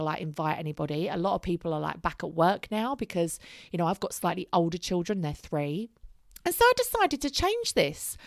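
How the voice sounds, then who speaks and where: A woman's voice: fairly low pitch, no echo, studio quality. Chatty woman, candid and casual. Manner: chatty and candid, swears casually, many "like" fillers. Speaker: single mother vlogger. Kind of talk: casual vlog monologue.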